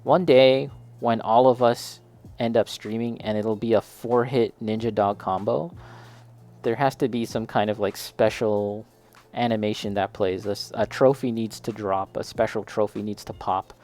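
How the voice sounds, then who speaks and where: A man's voice: fairly low pitch, fairly even intonation, moderate pace, a little mellow. A man chatting casually while building a model kit, talking straight to a friend and laughing often.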